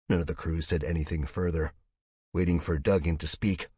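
A man reading a science-fiction audiobook in a measured, steady scripted narration. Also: extremely low pitch, breathy edge, no echo, clean studio sound.

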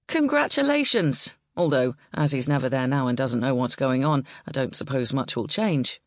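A woman's voice: a bass voice, steady tone, moderate pace, no room sound, clean studio sound. A woman voicing a cheery young man. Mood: teasing.

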